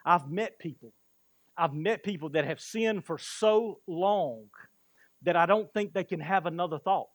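A pastor with a high voice preaches slowly and with emphasis, often chuckling as he works through his stories. The sound is dry and close, with no room around it. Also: no echo. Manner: slow, emphatic storytelling with chuckles. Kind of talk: sermon.

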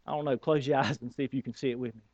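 A man preaching a sermon in a conversational, emphatic way, who stutters and repeats words when he gets excited. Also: mid-range voice, very fast, no room sound, lo-fi sound. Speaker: pastor.

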